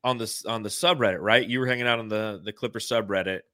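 A man hosting a podcast, talking fast with stammering restarts and casual swearing. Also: lowish voice, fairly even intonation, bright, forceful tone, no room sound, studio quality. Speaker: podcast host. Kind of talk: casual basketball chat.

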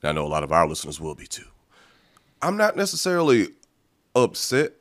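A man's voice: lowish voice, wildly swooping pitch, fairly quick. A man co-hosting a podcast who talks casually and rambles, hedging his points and swearing now and then. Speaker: podcast co-host. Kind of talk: casual political chat.

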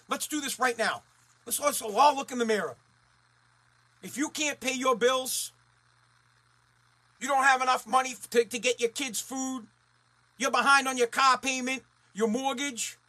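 A man's voice: very high-pitched, bright, forceful tone. A man ranting as a talk radio host, blunt, profane and fired up.

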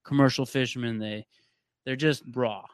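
A man's voice: mid-range voice, fairly even intonation, moderate pace, smooth, dry recording, clean studio sound. A young man from Canada, a podcast guest, telling stories in a loose, rambling casual chat with plenty of swearing.

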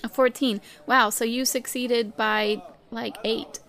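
A fairly high-pitched woman running a tabletop role-playing game as game master. She talks in an animated, chatty way, slipping into playful character voices. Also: takes it slowly, creaky.

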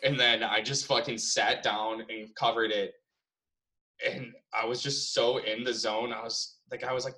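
A man's voice: fairly low pitch, level tone, moderate pace, bright, forceful tone, low-quality recording. A young man co-hosting a podcast, telling hockey stories in casual chat with lots of swearing and laughter. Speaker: podcast co-host.

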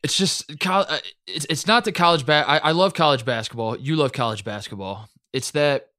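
A man co-hosting a casual sports podcast, chatty and quick to laugh, recapping plays eagerly. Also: a little high, pushed and bright, no echo, studio quality. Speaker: podcast co-host.

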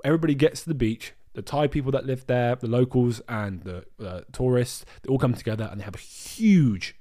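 A man from the UK co-hosting a podcast, telling a travel story in a rambling, animated way with lots of restarts. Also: mid-range voice, a little fast. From United Kingdom. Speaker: podcast co-host. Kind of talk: casual storytelling chat.

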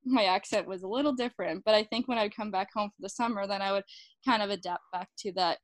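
A woman's voice: mid-range voice, quick pace, no echo. A young woman with a Canadian accent chats away as a guest, peppering her talk with likes and little laughs. Her voice sits mid-range for a woman and sounds close and dry, with no room around it. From Alberta, Canada. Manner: chatty, laughs often, many likes. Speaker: guest, former college hockey player. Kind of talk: casual interview chat.

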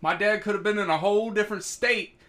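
A man's voice: sits high, fast, a bit bright. A man co-hosting a podcast in casual chat, joking and laughing often.

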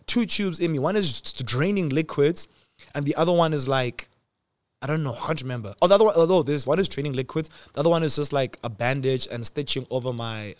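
A man in his twenties telling a personal story in a casual, slangy way, swinging between loud excitement and quiet reflection. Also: mid-range voice, no echo. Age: 20s.

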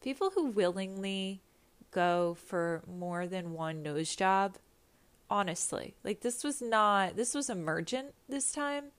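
A woman's voice: medium pitch, lively intonation, slow, smooth. A woman with a stuffy nose after nasal surgery, hosting a podcast on a makeshift backup mic in a candid, profane, rambling chat. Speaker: podcast host. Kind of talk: casual chat.

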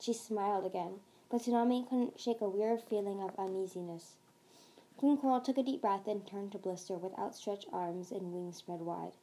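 A woman's voice: medium pitch, steady tone, moderate pace, warm tone, slight background noise, rough recording. A woman hosting a podcast, reading a fantasy novel aloud steadily with small slips and restarts. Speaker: podcast reader.

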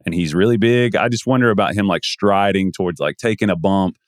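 A podcast co-host with a deep voice talks basketball in a loose, rambling, casual way, laughing easily and speaking fairly quickly. The recording is dry with clean studio sound.

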